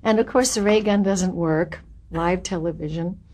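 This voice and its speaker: An older woman, an actress, telling animated and self-mocking anecdotes from her career in an interview, laughing at her own stories. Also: lowish voice, normal speed.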